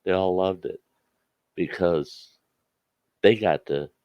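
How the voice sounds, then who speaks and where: A man's voice: low voice, slow pace, darkish tone, no echo, dull audio. A man hosting a casual chat show, telling rambling, folksy stories with many restarts. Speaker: campfire chat show host.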